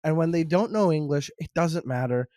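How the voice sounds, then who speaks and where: A man's voice: fairly high pitch, normal speed, dry recording. A young man from Montreal, a stand-up comedian, chatting casually as a podcast guest and telling jokey stories. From Montreal, Quebec. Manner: animated, jokey storytelling.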